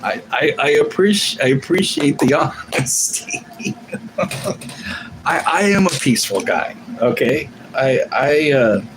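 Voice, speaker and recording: Man in his forties, live-stream host, lively swooping delivery, profane rambler, faint hiss behind. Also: medium pitch, measured pace. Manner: rambling, profane, restarts often. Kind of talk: casual live-stream chat.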